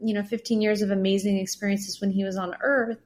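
A woman's voice: mid-range voice, little pitch movement, brisk, a little mellow. Earnest woman guest telling stories. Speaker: podcast guest. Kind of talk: casual podcast conversation.

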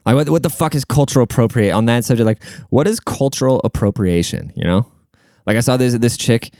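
A man's voice: mid-range voice, brisk, darkish tone, no echo, studio quality. A young man ranting casually, profane, sarcastic and rambling, stopping to look things up as he talks. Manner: looks things up mid-talk. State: short of breath at times. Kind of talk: casual rant.

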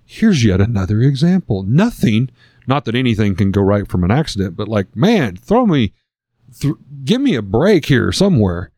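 A middle-aged man sits for an interview and talks through a personal story in an earnest, reflective way. His voice sits a little low, and the sound is dry and close, with no room around it. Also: darkish tone, no echo. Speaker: guest sharing a personal story. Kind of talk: conversational storytelling.

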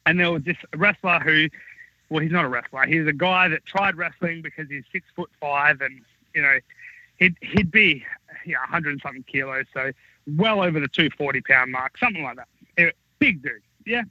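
Man, high voice, husky, swears a lot, rambling animated storyteller, dull lo-fi podcast audio. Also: normal speed, no echo. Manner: rambling, profane, animated anecdote-telling. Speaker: wrestling talent recounting backstage stories.

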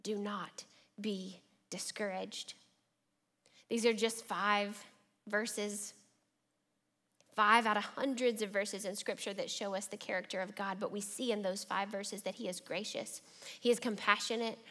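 A woman preacher giving a reflective, measured sermon and reading scripture aloud. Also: medium pitch, fairly bright tone.

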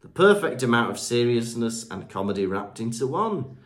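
A chatty British man co-hosting a podcast, reading out listener messages with a very lively, up-and-down voice. He jokes along as he reads and trips over unfamiliar names. His pitch sits in the middle of the male range. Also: normal speed. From Britain. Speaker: podcast co-host. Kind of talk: casual chat, reading listener reviews.

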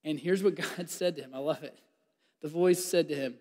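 Animated preacher man in a reverberant hall. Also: on the high side, normal speed. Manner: animated, acts out scripture with laughs, drops to a hush. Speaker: pastor. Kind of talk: sermon.

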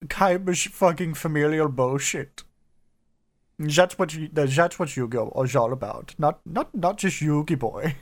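A man's voice: a little high, a little slow. A young man co-hosting a podcast in casual chat, joking and wry. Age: young adult. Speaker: podcast co-host.

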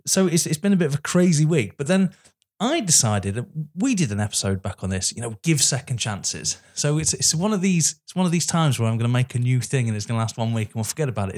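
English podcast co-host, thirties, animated ranting, laughs a lot, middle-pitched voice. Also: male voice. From England. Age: 30s. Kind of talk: casual film chat.

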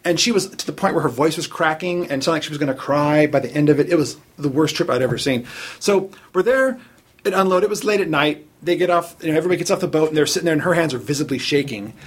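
A man with a slightly high, husky voice spins an animated yarn in casual chat. He pokes fun at himself and laughs along with his own punchlines. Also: quick pace. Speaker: storyteller on a chat show.

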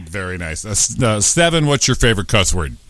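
A man's voice: lowish voice, very animated, fairly quick, a bit bright, slight background noise. A man hosting a casual podcast, reading quiz questions in a laid-back way and chuckling at the answers. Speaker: podcast host running a quiz.

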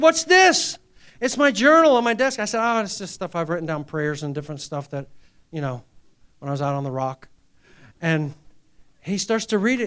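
A middle-aged male pastor preaching a testimony sermon, dropping to near-whispers and rising to loud, emphatic lines, acting out quoted dialogue. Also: on the high side. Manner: acts out quoted dialogue in a raised voice.

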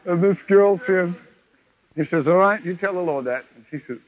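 A man's voice: high-pitched, background noise. A man preaching at a revival meeting, telling stories and acting out the dialogue with chuckles. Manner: animated, acts out quoted dialogue, chuckles often. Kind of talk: revival sermon with storytelling. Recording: lo-fi 1970s tape of a live meeting.

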